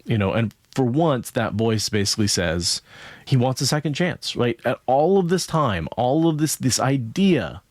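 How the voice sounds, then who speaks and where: This man co-hosting a podcast has a mid-range, sing-song voice that is a little mellow, and he speaks at a normal speed. He works through a book thoughtfully and casually, rambling and sprinkling in "right?" There is no echo.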